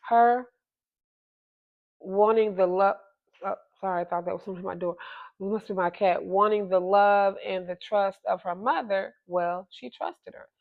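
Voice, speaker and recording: Woman host, personal story monologue, halting and emotional, slightly dull lo-fi audio. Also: mid-range voice, creaky. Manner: halting, emotional, many restarts. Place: at home.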